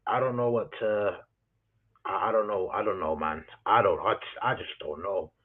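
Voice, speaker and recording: A man's voice: fairly low pitch, normal speed, husky. A man ranting about his football team on a live stream, swearing, repeating himself and calling his chat "people.". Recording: tinny phone-like audio.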